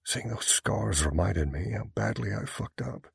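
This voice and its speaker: A man narrating a first-person romance novel in an intense, gruff, steady way. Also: fairly low pitch, a little slow, no echo, clean studio sound. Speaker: audiobook narrator.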